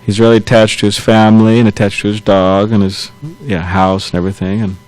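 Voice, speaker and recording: A man's voice: fairly low pitch, little pitch movement, darkish tone, poor audio. Man telling a scripture story, chuckling. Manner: loose, halting retelling with chuckles and self-corrections. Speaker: temple class speaker.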